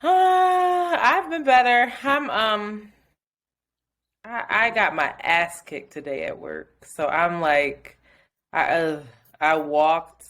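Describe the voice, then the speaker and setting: A woman's voice: low-pitched, very animated, slow pace, sharp tone. A woman co-hosting a podcast, chatting casually and reacting with wry remarks. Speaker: podcast co-host. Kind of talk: casual chat.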